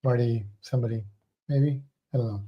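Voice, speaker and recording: A man's voice: medium pitch, fairly even intonation, brisk, muffled recording. A man co-hosting a livestream in casual chat. He rambles, hesitates often and laughs a lot. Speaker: livestream co-host.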